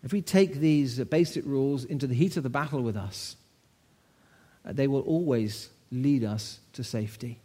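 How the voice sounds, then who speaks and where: Speaking at a moderate pace in a mellow, mid-range voice, this British man in his sixties delivers a sermon to his congregation. He tells a story in a conversational way, sprinkling in rhetorical questions.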